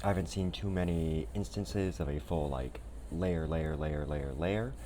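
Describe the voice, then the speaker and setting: A man's voice: a bass voice, measured pace, dark tone, a little hiss or hum. A man vlogging as he sews and puts on historical Korean clothing, chatting casually with self-deprecating humor. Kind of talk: casual chat to camera.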